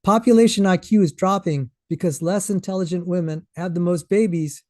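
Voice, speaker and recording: Emphatic high-voiced man lecturing. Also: a little fast, a little mellow, dry recording. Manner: emphatic, repeats key phrases, reads paper titles aloud. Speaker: conference presenter. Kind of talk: lecture presentation. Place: conference hall stage.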